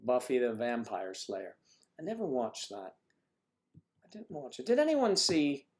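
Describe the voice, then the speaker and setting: A man's voice: mid-range voice, wildly swooping pitch, a little slow. A man hosting a casual livestream chat with viewers, rambling and joking with lots of fillers.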